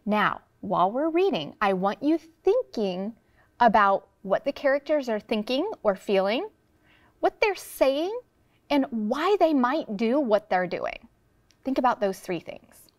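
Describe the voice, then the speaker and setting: Woman teacher, animated read-aloud, fairly high pitch, dry close sound. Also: a little slow, dry recording. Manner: expressive storybook reading with voices. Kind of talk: classroom read-aloud lesson. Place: studio classroom.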